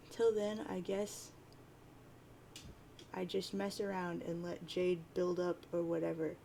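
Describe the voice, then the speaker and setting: A woman's voice: lowish voice, gravelly, mellow, slight background noise. A woman reading out the lines of a cocky teenage boy fused with an orange bird, in a near-plain voice.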